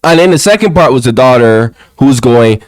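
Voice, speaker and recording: A man's voice: medium pitch, animated, normal speed, no echo. A young man who is sick and sounds off, ranting bluntly in slangy, sarcastic casual talk. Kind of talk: casual opinion monologue.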